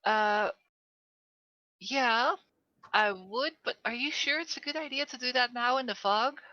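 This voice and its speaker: A woman playing in a tabletop game, practical and measured, over dull lo-fi call audio. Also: fairly high pitch, pushed and bright, no echo. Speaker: player.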